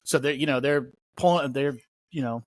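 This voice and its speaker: A man who is a podcast guest and former soldier, telling stories in quick casual chat, often laughing. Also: mid-range voice, no echo, studio quality.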